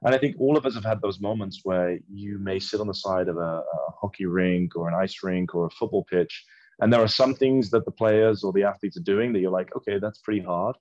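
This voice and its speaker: Deep-voiced man explaining calmly. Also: a little fast, dry recording. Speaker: guest, ski racer. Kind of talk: casual interview. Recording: dry, slightly dull sound.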